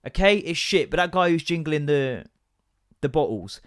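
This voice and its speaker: A man's voice: fairly high pitch, expressive, moderate pace, clear, resonant tone, no room sound. A man in his thirties rants through a comedy podcast, sweary and exasperated. He sounds close up in a dry, dead room and keeps swinging into mocking voices. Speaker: podcast host. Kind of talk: comic rant.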